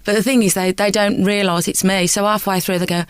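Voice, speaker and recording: A woman, an actress and singer chatting as a radio guest, bubbly and quick to laugh as she tells stories. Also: mid-range voice, smooth, no room sound. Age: 30s. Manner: bubbly, laughing, animated storyteller. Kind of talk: chatty interview.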